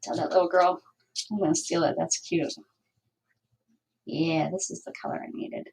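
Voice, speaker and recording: Gravelly-voiced woman chatting while crafting. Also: fairly low pitch, steady tone, moderate pace, darkish tone, a little hiss or hum, rough recording. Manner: chatty, thinking aloud while working, with asides and laughs. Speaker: crafting livestream host. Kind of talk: casual crafting chat.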